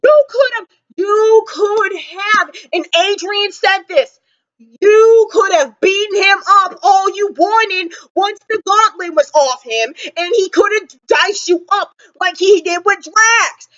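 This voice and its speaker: A young woman vlogger ranting casually about a movie, animated and exasperated, with dramatic pauses. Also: very high voice. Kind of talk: casual movie reaction rant. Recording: slightly dull lo-fi sound.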